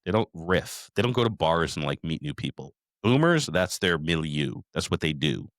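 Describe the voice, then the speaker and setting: A man's voice: rumbling low, big pitch swings, normal speed, fairly bright tone, no echo, clean studio sound. A middle-aged man hosting a podcast, rambling through a profane, casual story recap. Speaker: podcast host.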